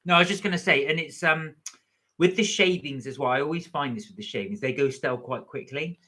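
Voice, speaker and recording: A man's voice: on the high side, brisk, sharp tone, breathy edge. A middle-aged man, chatting casually on a live stream and talking while he eats. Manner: chatty, rambling, talks while eating. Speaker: vlogger hosting a live stream.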